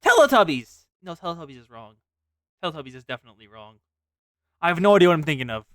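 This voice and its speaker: A man's voice: fairly high pitch, expressive, rapid-fire, smooth, no echo, clean studio sound. A man chatting and joking as a co-streamer. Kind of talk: casual chat.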